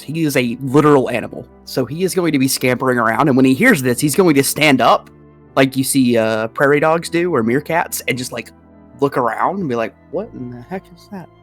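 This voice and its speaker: A man's voice: medium pitch, lively intonation, a little fast, soft background music. A man playing in a tabletop game, easygoing as he describes his character's actions. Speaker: player. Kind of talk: casual tabletop play.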